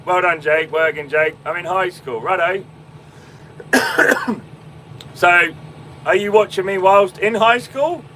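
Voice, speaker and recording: A young man with a Fenland English accent talks slowly, pausing often, in a high, pushed and bright voice. He's in his tractor cab in a field, chatting casually with viewers on a phone live stream, calling them mate and my man and filling his speech with ums and restarts. The audio is poor, with slight background noise.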